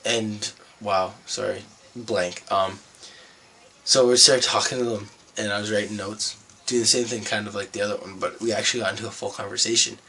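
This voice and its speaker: A man's voice: fairly low pitch, steady tone, moderate pace, pushed and bright, slight background noise. A young man from Canada vlogging, telling a rambling, profane story in a laid-back way. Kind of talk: casual storytelling vlog.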